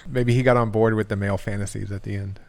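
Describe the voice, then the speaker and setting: A man's voice: lowish voice, fairly even intonation, fast talker, vocal fry. A man in a casual movie podcast chat, agreeable and chuckling along.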